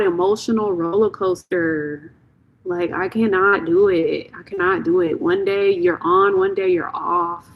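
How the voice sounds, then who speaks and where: A woman's voice: medium pitch, a little hiss or hum, low-quality recording. A young woman reading tarot on a live stream, talking casually and bluntly, repeating phrases as she vents to a viewer.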